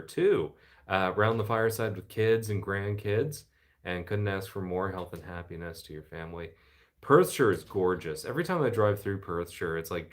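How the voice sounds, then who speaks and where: American baritone man chatting casually. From United States. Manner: relaxed, chatty, enthusiastic asides. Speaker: channel host reading live chat. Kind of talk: casual live-stream chat. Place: home living room by the fireside.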